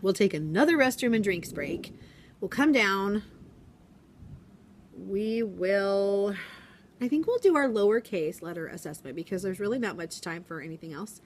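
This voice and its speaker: A woman's voice: mid-range voice, expressive, normal speed, a little hiss or hum. Chatty woman teacher vlogging. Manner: chatty, rambling, acts out quotes in voices. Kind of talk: casual vlog chat. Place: school classroom.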